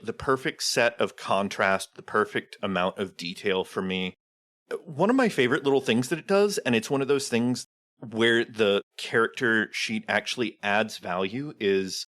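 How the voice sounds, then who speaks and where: A man with a fairly low voice talks through game design as a podcast guest. He explains things thoughtfully in a relaxed chat, peppering his sentences with "like". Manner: thoughtful, explanatory, many "like" fillers. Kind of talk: casual chat about tabletop games.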